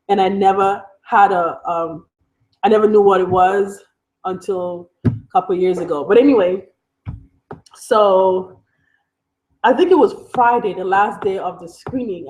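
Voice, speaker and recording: A woman's voice: medium pitch, darkish tone, slight background noise, poor audio. Candid young woman from Africa. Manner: candid, conversational, wandering and self-aware. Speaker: vlogger. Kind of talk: candid personal storytelling.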